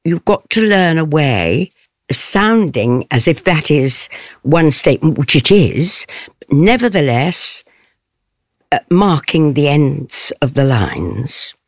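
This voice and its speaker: An older stage actress giving an interview. She speaks in a thoughtful, measured way and laughs softly often. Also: low-pitched, big pitch swings, dry recording, clean studio sound.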